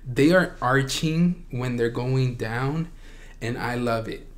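A man hosting a reaction video, gushing with excitement and often breaking into shrieks and squeals. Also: mid-range voice, slow. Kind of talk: excited fan reaction commentary.

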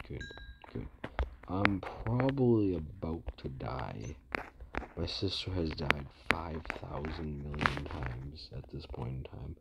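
Casting note: a man with a very low voice, slow and unhurried, giving casual gameplay commentary over loud noise from a phone. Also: creaky. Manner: mumbled, excitable outbursts and groans. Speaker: gamer. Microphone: phone screen recorder mic.

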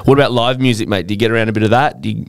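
A man from Australia co-hosts a podcast in a lowish voice. He jokes around in easy, chummy banter with his guest. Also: rapid-fire, creaky, smooth, dry recording. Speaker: podcast co-host. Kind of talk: casual podcast chat.

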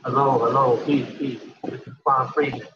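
A hoarse man from New York City giving an impassioned public comment at a town meeting, repeating words for emphasis. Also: medium pitch, level tone, normal speed, muffled recording, heavy background noise. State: hoarse, lost his voice.

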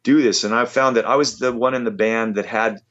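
A man in his fifties telling animated, self-deprecating stories in a casual interview. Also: mid-range voice, a little fast. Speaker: rock musician guest. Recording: dull lo-fi audio.

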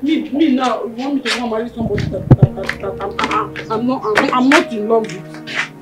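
A woman's voice: fairly high pitch, brisk, loud music behind the voice, lightly acted. An actress playing a young woman in a film drama, insistent and pleading as she refuses to marry. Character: young woman defiantly refusing an arranged marriage. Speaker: daughter.

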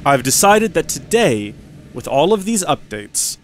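A man's voice: fairly high pitch, measured pace, slight background noise. A man hosting a let's play, telling a rambling story from his recording desk at home. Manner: chatty, rambling, rising excitement in anecdotes. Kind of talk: casual storytelling to viewers.

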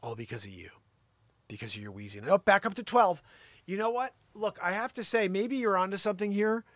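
A man hosts a live improv comedy show and rants at a caller in a mock-outraged, teasing way. His voice sits a little high for a man. The sound is close and dry, with no room echo. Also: expressive, brisk, a bit bright.

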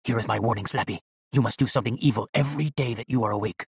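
A man playing an old evil sorcerer who speaks in a hushed, commanding, pompous way in an audiobook. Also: mid-range voice, racing, vocal fry, husky, dry recording, studio quality. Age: over 60.

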